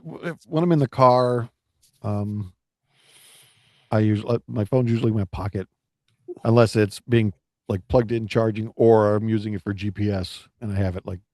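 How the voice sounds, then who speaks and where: In a lowish, slightly mellow voice at a moderate pace, a man co-hosts a podcast, chatting casually and rambling with many restarts. The recording is dry and studio quality.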